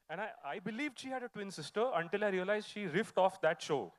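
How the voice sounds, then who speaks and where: A man's voice: high voice, lively intonation, quick pace. A man moderating a festival session and telling a teasing anecdote about the guest.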